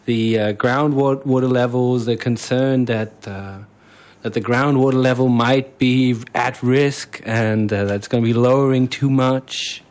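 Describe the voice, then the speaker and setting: A man's voice: medium pitch, steady tone, measured pace, a little mellow. A man co-hosting a radio show, chatting casually and hesitantly, with many fillers. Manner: hesitant, lots of fillers and restarts. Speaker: radio co-host.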